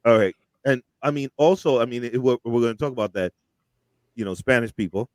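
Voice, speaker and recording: A man's voice: medium pitch, a little fast, darkish tone, dry recording. A man hosting a casual podcast chat, moving the talk through wrestling news with emphatic opinions. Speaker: podcast host.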